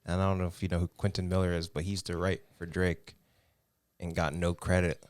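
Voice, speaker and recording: A man co-hosting a podcast in casual chat, easygoing and quick to laugh. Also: low voice, level tone, a little mellow, dry recording. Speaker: podcast co-host.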